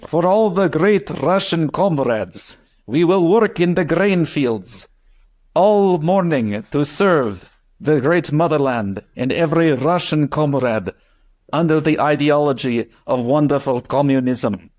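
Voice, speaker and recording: A man's voice: fairly high pitch, animated, darkish tone, pitched above the performer's own voice. A man putting on a grandiose Soviet comrade. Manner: grandiose, slow declaiming. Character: pompous Soviet comrade man, thick Russian accent.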